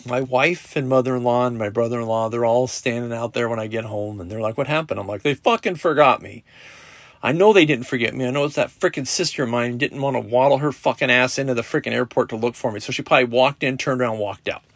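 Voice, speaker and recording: A middle-aged man hosting a podcast, telling a personal story in a casual, profane, animated way with lots of quoted dialogue. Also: mid-range voice, fast talker, few pauses, dry recording, studio quality. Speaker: podcast host. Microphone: podcast app recording.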